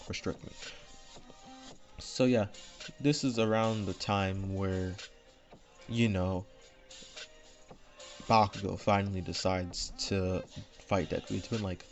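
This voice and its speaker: A man's voice: deep voice, highs cut off. Rambling man retelling a fan story. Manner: rambling, full of fillers and "right?" asides. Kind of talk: unscripted casual story retelling. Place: home room. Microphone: desk microphone.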